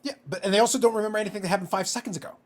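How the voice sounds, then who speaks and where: A man's voice: high voice, very fast. A man co-hosting a casual podcast, ranting with exasperation and swearing freely. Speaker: podcast co-host.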